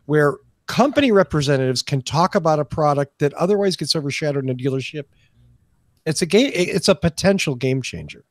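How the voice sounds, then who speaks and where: Animated man chatting on a podcast. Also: on the high side, a little fast, dry recording. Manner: animated, joking, hesitant restarts. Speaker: podcast co-host. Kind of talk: casual chat.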